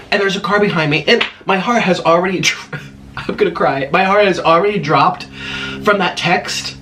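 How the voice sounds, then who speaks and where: A man's voice: high-pitched, fairly bright tone. A man hosting an eating vlog, chatting through a dramatic story between mouthfuls. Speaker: vlogger.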